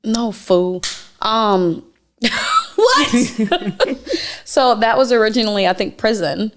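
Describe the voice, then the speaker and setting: A woman's voice: a little high, wildly swooping pitch, slow, noisy background. A woman co-hosting a podcast in casual chat, joking and teasing as she talks. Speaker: podcast co-host.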